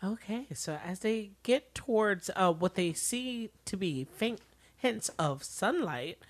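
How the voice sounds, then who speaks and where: A woman co-hosting a casual recap chat, laughing often and chiming in with quick reactions. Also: mid-range voice, expressive. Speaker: podcast co-host.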